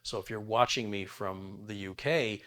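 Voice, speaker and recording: A middle-aged man with a fairly low voice hosts a casual live stream. He chats loosely and reads viewer messages aloud, laughing easily as he goes. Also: normal speed, fairly bright tone. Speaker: live stream tech host. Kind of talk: casual live stream chat reading donations.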